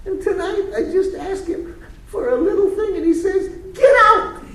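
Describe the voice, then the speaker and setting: A frantic, sobbing young pregnant woman in a high, wailing voice, put on by a man telling a story. She sounds far from the mic in a roomy hall with faint hiss behind her. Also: moderate pace. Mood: distraught. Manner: wailing, breaking into laughter.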